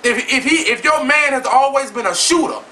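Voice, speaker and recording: A man with a very high, sharply bright voice rants about celebrity gossip in a sassy, flamboyant, profane way, talking straight to his viewers. He sits a little back from the mic, with a faint room hum underneath. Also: brisk, far from the mic, poor audio. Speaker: vlog host.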